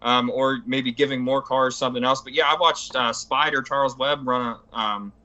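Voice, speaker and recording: Rambling eager man, bright tone. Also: mid-range voice, fairly even intonation, moderate pace, highs cut off. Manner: rambling, eager, heavy on "you know". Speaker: guest. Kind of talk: casual chat.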